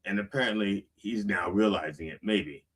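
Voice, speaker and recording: Heard from a distance, this pastor has a lowish, slightly bright voice and talks at normal speed. He delivers a casual sermon by reading song lyrics aloud and explaining them conversationally, with frequent "okay?" checks.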